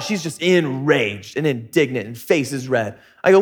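Joking, laid-back preacher man, slightly high. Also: moderate pace. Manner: relaxed, joking, slangy storytelling. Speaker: pastor. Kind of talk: casual sermon.

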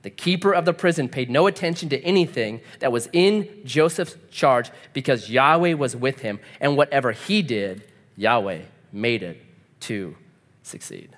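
A man's voice: mid-range voice, moderate pace, big-room sound. A man preaching a sermon as a pastor, telling stories vividly and acting out the voices in them. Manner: animated storytelling, acts out quoted voices.

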